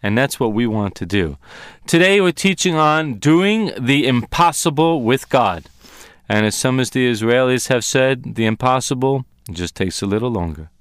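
Man, bible teacher, earnest and emphatic, smooth clear voice, dry close sound. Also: mid-range voice, animated, moderate pace, dry recording. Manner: earnest, emphatic, repeats verses in English and Hebrew. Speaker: ministry teacher.

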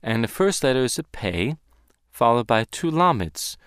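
A man teaching a Bible lesson on Hebrew words, speaking deliberately and slowing down to stress key words. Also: mid-range voice, big pitch swings, fairly bright tone, smooth, dry recording, studio quality.

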